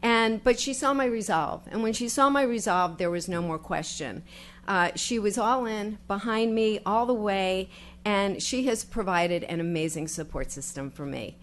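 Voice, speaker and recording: An older woman giving a heartfelt, halting acceptance speech at a podium before an audience, thanking family and volunteers. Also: medium pitch, animated, fairly bright tone, a little hiss or hum. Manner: heartfelt, halting, grateful, with fillers and restarts. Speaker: newly elected official giving acceptance speech. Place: public meeting hall with audience.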